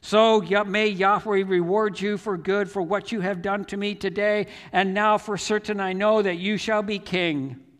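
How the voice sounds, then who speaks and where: A man's voice: sits high, steady tone, normal speed, a bit bright, big-room sound, voice pushed up. A preacher voicing an older king, emotional and remorseful as he calls out. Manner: emotional, declaiming.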